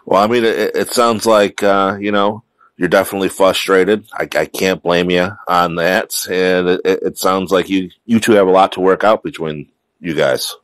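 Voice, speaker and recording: A man's voice: low voice, fairly even intonation, moderate pace, dry recording, low-quality recording. A man interviewing a guest, asking questions in a hesitant, sympathetic way with fillers and restarts. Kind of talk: casual interview.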